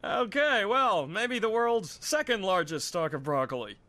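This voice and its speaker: A man's voice: high-pitched, expressive, measured pace, very noisy. An actor playing a showy male game show host in a cartoon segment. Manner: showy announcer delivery.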